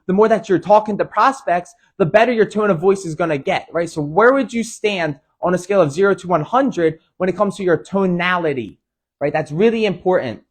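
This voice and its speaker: A man hosting a motivational talk, asking the listener questions and tagging nearly every point with "right?", with frequent restarts. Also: sits high. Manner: repeats "right?" after each point, restarts often; coaching, asks the listener many questions. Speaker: host.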